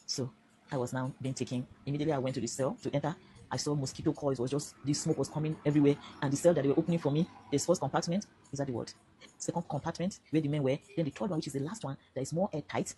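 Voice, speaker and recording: A middle-aged Nigerian woman speaks in a Nigerian accent, very low-pitched and rushing. Her words pour out fast and pleading as she addresses her followers directly. Her tone is dark and mellow. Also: fairly even intonation, slight background noise, low-quality recording. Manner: impassioned, pleading storytelling. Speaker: social media vlogger. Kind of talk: direct-to-camera personal statement.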